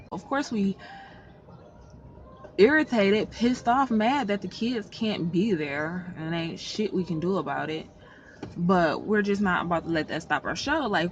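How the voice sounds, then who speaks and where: A woman vlogger telling a story in a casual storytime vlog, blunt and profane, sounding fed up. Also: medium pitch. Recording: slightly muffled with faint background noise.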